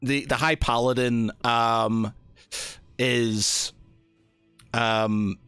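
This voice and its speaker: Casting: unhurried, hesitant male game master, dry close sound. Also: medium pitch, fairly even intonation, a bit bright, clean tone, dry recording, faint music behind. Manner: hesitant, many fillers. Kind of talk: narrating a tabletop game.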